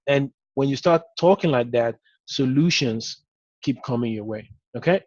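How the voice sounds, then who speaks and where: A man's voice: mid-range voice, moderate pace, darkish tone, no echo, muffled recording. A man giving a motivational talk as a business coach, speaking conversationally and encouragingly with frequent "you know" fillers.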